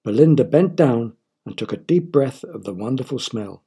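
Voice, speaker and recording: A man's voice: medium pitch, expressive, normal speed, creaky, dark tone, slightly rough. A man narrating a children's story in a playful way, often asking the listeners questions.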